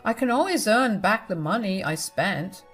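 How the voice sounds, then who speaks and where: A woman voicing a loving, generous young man, her fiancé, who speaks gently and reassuringly. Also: medium pitch, animated, normal speed, slightly rough, soft background music.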